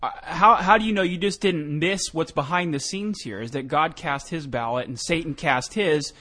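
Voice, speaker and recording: Slightly high-voiced radio host. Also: male voice, normal speed, bright, forceful tone. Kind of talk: theological radio discussion.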